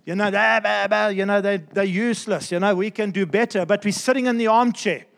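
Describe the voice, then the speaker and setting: Emphatic high-voiced male pastor preaching. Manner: emphatic, repeats key phrases, slows down for stress. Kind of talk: sermon.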